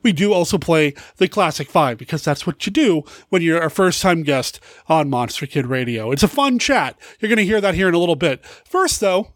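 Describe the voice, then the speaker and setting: A man's voice: on the high side, expressive, normal speed, hardly any pauses, dry recording, clean studio sound. A man hosting a podcast in a casual, enthusiastic, rambling chat. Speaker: podcast host.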